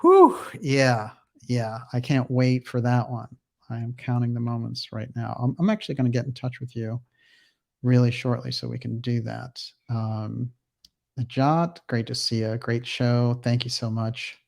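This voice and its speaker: A man's voice: mid-range voice, flat delivery, moderate pace, vocal fry, darkish tone. A man hosting a livestream, upbeat as he reads out viewer names and comments and answers questions in casual chat. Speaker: livestream host.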